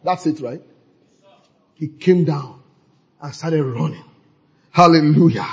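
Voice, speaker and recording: A man preaching a sermon in church, calling out to the congregation and breaking into fervent shouts. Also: a little high, takes it slowly, vocal fry, husky, muffled recording. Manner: fervent preaching with call-and-response, bursting into shouts. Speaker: pastor. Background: congregation responding.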